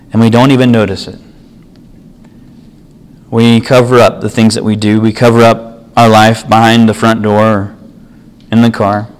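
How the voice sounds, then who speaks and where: A man's voice: lowish voice, rough recording. A man preaching a sermon, telling an everyday story in an earnest, conversational way.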